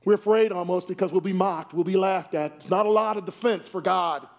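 A male pastor preaching a sermon in a church, animated, asking many rhetorical questions and stumbling into restarts. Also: sits high, a little fast, creaky. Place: church sanctuary. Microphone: wears a microphone.

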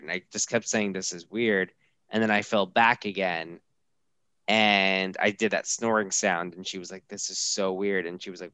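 A man on a podcast telling a story in a casual, animated way, acting out the quoted voices. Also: fairly low pitch, measured pace, clear, resonant tone, no echo. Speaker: podcast co-host.

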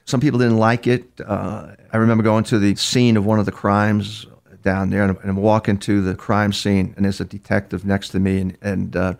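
Gravelly older man recounting cases. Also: on the low side, little pitch movement, normal speed, a little mellow. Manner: anecdotal, with many restarts. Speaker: criminal profiler guest. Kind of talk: interview storytelling.

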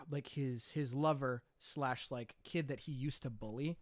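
A man's voice: medium pitch, unhurried, no room sound. Rambling young man, dry close sound. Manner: rambling, full of "like" and restarts. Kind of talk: casual podcast chat.

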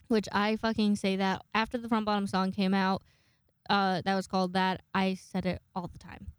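This podcast host is a young woman with a medium-pitched, clean voice and no echo in the recording. Her casual show is all storytelling: she rambles, swears a lot, and pokes fun at herself.

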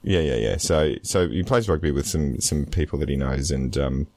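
A man's voice: moderate pace, darkish tone, no echo. A man co-hosting a casual gaming podcast, telling stories with frequent laughter and restarts. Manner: laughing storyteller, lots of restarts, giggly high bursts. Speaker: podcast co-host.

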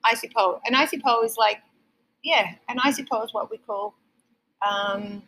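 A woman's voice: on the high side, a little fast, pushed and bright, low-quality recording. A woman with an Australian accent, chatting casually and teasing her co-host, laughing often. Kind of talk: casual chat.

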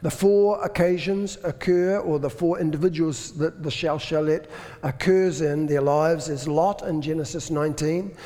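A man's voice: fairly high pitch, steady tone, moderate pace, dark tone. A man preaching a sermon, explaining things in a conversational way with dry self-deprecating humor. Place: church. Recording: echoey hall.

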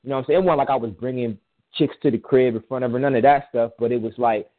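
A man's voice: mid-range voice, steady tone, quick pace. A man in casual chat, telling a personal story in a rambling, emphatic way with frequent restarts. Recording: tinny phone-line sound.

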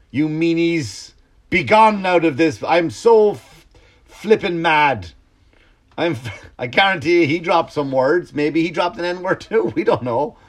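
In a casual podcast monologue, a comedian rants at an ordinary pitch, swearing freely and restarting sentences as he goes. The whole thing stays animated.

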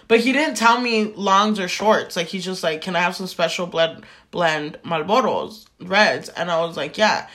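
A young woman co-hosting a podcast, chatting casually, swearing and dropping to low asides. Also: a bit bright. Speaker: podcast co-host; store clerk. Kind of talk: casual chat.

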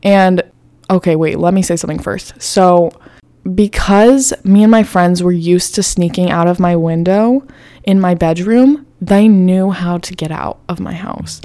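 Chatty young woman, low voice. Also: measured pace, mellow. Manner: chatty, lots of fillers and swearing. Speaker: podcast host. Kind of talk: casual storytelling.

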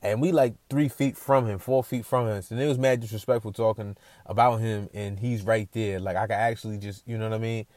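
A man's voice: fairly low pitch, fairly even intonation, brisk, hardly any pauses, darkish tone, no echo. A man telling a casual story as a podcast host, slangy and repeating himself while checking in with the listener.

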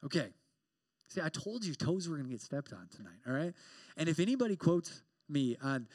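A young man with a high, bright-edged voice preaches to a student group, animated and joking as he acts out little exchanges. The sound is dry and close, with no room echo. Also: moderate pace. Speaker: campus pastor. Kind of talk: sermon.

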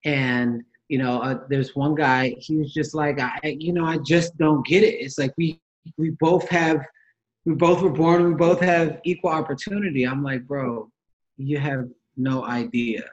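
Young male guest, higher voice, passionate storyteller, acts out dialogue. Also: steady tone, moderate pace, lo-fi sound. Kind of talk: casual conversation.

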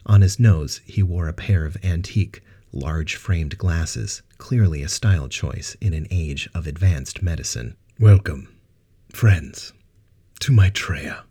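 A man narrating a science fiction audiobook in a steady, even reading. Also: low voice, measured pace, few pauses. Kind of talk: scripted narration.

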